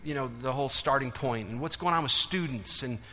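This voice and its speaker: A man preaching a sermon to a large church congregation, swinging between loud urging and hushed intensity. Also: mid-range voice, fairly quick. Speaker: pastor. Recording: long hall reverb.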